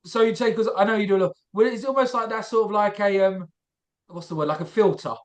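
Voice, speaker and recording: A man hosting a podcast, asking loose, relaxed questions in casual chat. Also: sits high, fast. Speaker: podcast host.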